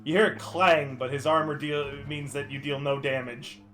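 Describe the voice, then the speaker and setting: A woman's voice: sits low, fairly even intonation, moderate pace, a bit bright, faint music behind. A woman running a tabletop role-playing game as game master, narrating the action in a loose, playful way and laughing often.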